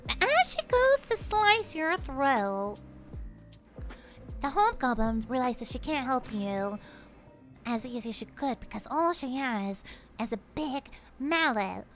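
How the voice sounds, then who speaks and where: A woman's voice: on the high side, a bit bright. A woman streamer telling a playful, giggly second-person fantasy story to her chat in casual livestream style.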